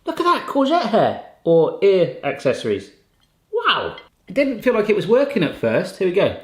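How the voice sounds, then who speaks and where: A man, testing kitchen gadgets at home in casual chat and often bursting into excited exclamations. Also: high voice, moderate pace, reverberant.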